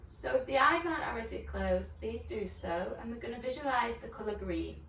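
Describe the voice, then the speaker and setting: A woman teaching yoga, guiding breath and chanting in a slow, soothing, gentle way. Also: a little high, lively intonation, vocal fry, echoey room, far from the mic, a little hiss or hum. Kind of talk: guided yoga and meditation instruction. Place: home room on a video call.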